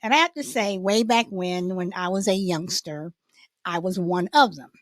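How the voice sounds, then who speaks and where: A woman's voice: fairly low pitch, normal speed, dry recording. A woman hosting a casual livestream chat, talking in loops and breaking into laughter often. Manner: laughs often, chatty and repetitive. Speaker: host.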